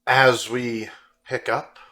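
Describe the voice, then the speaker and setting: A man's voice: medium pitch, flat delivery, slow pace, sharp tone. A man in a middle register runs a tabletop game as game master. He describes rooms and characters at an easy pace, with fillers scattered through his narration.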